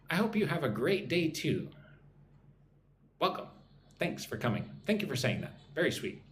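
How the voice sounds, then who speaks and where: Guy doing a live english lesson, breaks words into syllables, says hi to chat, bit of hiss in the background. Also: medium pitch. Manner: drills pronunciation syllable by syllable and greets chat viewers. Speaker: English teacher.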